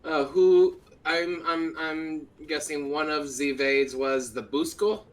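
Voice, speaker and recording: A man's voice: fairly high pitch, steady tone, slow, recorded from a distance. A man putting on a playful German accent, greeting people stiffly and formally. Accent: put-on German.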